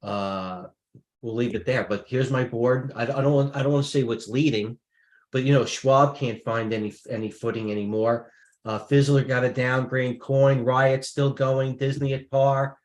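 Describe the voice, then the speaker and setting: A male trader on a live show talks through his stock positions and keeps restarting his sentences as he thinks aloud. His mid-pitched voice carries a roomy echo. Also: fairly even intonation, moderate pace. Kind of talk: live trading chat.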